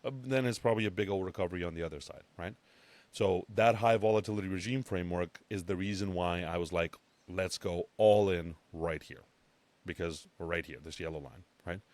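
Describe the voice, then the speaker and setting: Deep-voiced guy walking through charts, brash and jokey, chatty. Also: steady tone, fast talker, dry recording. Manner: brash, joking, conversational. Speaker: crypto channel host. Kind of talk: casual chart analysis talk.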